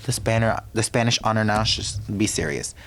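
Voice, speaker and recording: A man's voice: on the low side, normal speed, vocal fry, fairly bright tone. A young man from Virginia hosting a podcast, ranting in a brash, profane, casual monologue that keeps breaking off mid-thought. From Virginia, United States. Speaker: podcast host.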